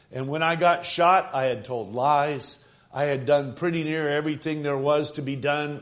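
Slightly high-voiced man preaching dramatically. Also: fairly bright tone. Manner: dramatic storytelling, slowing and rising for emphasis. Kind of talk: sermon retelling a story.

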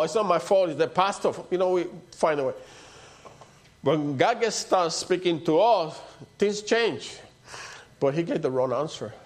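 A man preaching a sermon in a conversational way, dropping to soft low asides and rising for emphatic points. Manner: conversational preaching with repeated "you know" and "see".

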